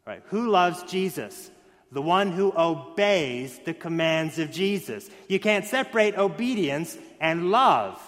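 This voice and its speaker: A man preaching a sermon, stressing key words loudly and then dropping to hushed lines. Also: a little high, animated, slow pace. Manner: emphatic, swings between loud stresses and hushed lines. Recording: long hall reverb.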